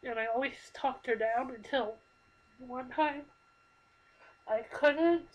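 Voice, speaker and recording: A young woman in her twenties with a slightly higher voice talks into a computer microphone. She speaks haltingly and earnestly, with plain emotion in her confessional talk. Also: poor audio. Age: 20s. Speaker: vlogger. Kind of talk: confessional personal talk to camera.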